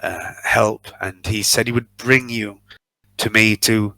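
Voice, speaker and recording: A man voicing a kindly, awkward human male druid who speaks softly and hesitantly. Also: lowish voice, steady tone, slow pace, gravelly, no room sound, pitched below the performer's own voice, full character voice. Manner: soft-spoken and hesitant.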